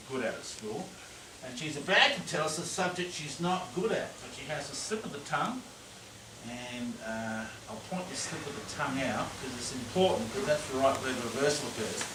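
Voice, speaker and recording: A man giving a conversational lecture to a live audience, explaining examples and quizzing the room. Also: mid-range voice. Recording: echoey room, distant mic, noisy.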